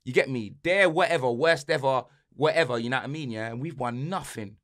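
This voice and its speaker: A young man with a London accent, hosting a podcast and ranting heatedly about football, repeating slang tags and swinging between shouting and muttering. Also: mid-range voice, fairly quick. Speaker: podcast host.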